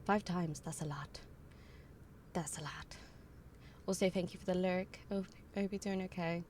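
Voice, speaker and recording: A woman's voice: lowish voice, fairly even intonation, fairly quick, a little mellow, a little hiss or hum. A woman streamer in casual live-stream chat, greeting her viewers one by one and sounding tired. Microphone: streaming mic with headphones on. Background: faint chill background music.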